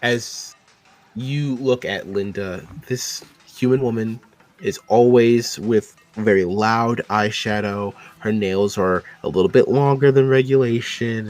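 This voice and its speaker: A man narrating a tabletop role-playing game as game master, relaxed and descriptive. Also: fairly low pitch, unhurried. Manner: relaxed, descriptive, some fillers.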